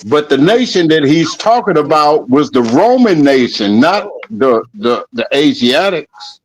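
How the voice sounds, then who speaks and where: A man's voice: on the high side, big pitch swings, a little slow. A man co-hosting a podcast, arguing his point in a heated casual debate and pressing it again and again. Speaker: podcast co-host.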